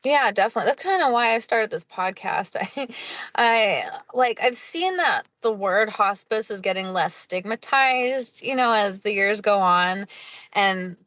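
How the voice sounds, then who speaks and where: A woman's voice: mid-range voice, expressive, measured pace, a bit bright, dry recording. A woman who hosts a podcast and works as a hospice nurse, chatting casually and laughing often. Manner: chatty, with frequent laughs and fillers. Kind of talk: casual interview chat.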